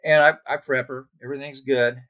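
A man's voice: mid-range voice, brisk. A man who works as a nurse, telling funny work stories in casual chat and laughing along. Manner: laughing, animated anecdotes. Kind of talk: casual storytelling.

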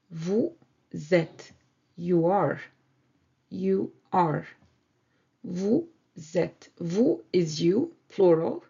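A woman teaching a beginners' French lesson, repeating each word slowly and carefully. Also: fairly low pitch, gravelly, mellow, slightly rough, lo-fi sound. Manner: slow, careful repetition of words. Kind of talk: slow language lesson.

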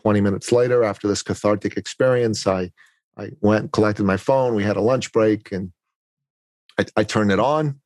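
A man's voice: on the low side, fairly even intonation, normal speed, a little mellow, no room sound. A middle-aged man, a podcast guest, telling a personal story in an earnest, confessional way, often repeating words as he gathers his thoughts.

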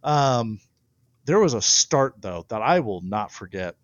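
A young man, a professional pitcher, telling stories in a casual interview, often laughing through them and restarting his sentences. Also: very animated, measured pace, dry recording, lo-fi sound.

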